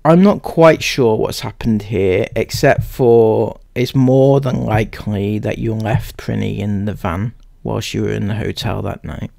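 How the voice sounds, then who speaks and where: Male commentary host: sarcastic and skeptical, slow delivery, gravelly, dry close sound. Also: on the low side, fairly even intonation, warm tone, no echo. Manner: mocking, skeptical, addresses subjects directly.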